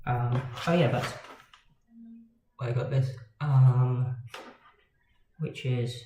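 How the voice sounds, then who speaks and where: A man's voice: medium pitch, fairly even intonation, slow, long pauses, dark tone. A man chatting casually on a livestream while he draws, rambling and swearing in a self-deprecating way. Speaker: miniatures hobbyist streamer. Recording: roomy, dull lo-fi with faint noise.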